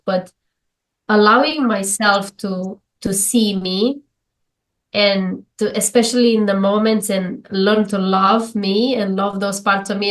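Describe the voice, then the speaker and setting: A Romanian woman, appearing as an interview guest, speaks reflectively in English, her earnest sentences halting and often restarting. Her voice sits in the mid range.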